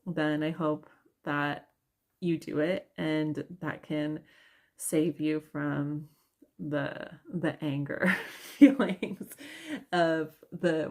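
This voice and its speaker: Low, slow-talking young mom with vocal fry. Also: female voice. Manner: chatty, candid, laughs often, many fillers. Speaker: yoga vlogger and mother. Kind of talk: casual confessional vlog talk.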